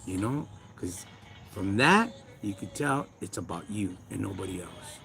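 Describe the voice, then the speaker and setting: A man's voice: lowish voice, expressive, unhurried, creaky, a bit bright, faint music behind. A man with a Chicano accent hosting a casual livestream, ranting in street slang and talking back to his chat. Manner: slangy, preachy, talks to chat. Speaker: livestream host. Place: backyard.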